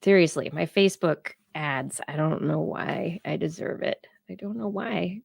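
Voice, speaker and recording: A woman's voice: sits low, a little slow, creaky, husky, no echo, clean studio sound. A woman co-hosting a live science podcast stream, chatting casually and laughing often. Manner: chatty, laughs often, talks to her cats and chat. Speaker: podcast co-host.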